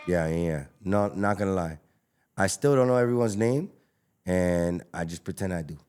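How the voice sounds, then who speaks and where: A man, a taco restaurant owner telling stories as a guest in a casual podcast interview, animated and full of slang. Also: deep voice, moderate pace, a little hiss or hum. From Los Angeles. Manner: animated storyteller, slangy, acts out dialogue.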